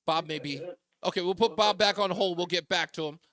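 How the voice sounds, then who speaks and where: A man hosting a radio talk show, talking to listeners in an animated, mocking way and taking calls. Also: sits high, brisk. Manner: animated, mocking, puts on voices for quotes.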